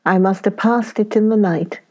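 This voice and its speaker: A woman's voice: medium pitch, steady tone, moderate pace, darkish tone, lightly acted. Woman voicing a timid, curious young boy. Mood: eager.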